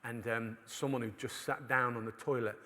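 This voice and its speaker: A man's voice: medium pitch, flat delivery, moderate pace, slight background noise. A man giving a humorous talk at a conference, telling stories from church life and acting out other people's voices. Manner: storytelling, acts out voices of others. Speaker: preacher. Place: church hall. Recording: long reverb of a large hall.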